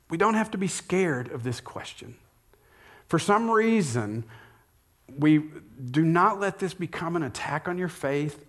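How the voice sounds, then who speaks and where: A middle-aged male pastor preaching a sermon in a conversational way, often asking rhetorical questions. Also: a little high.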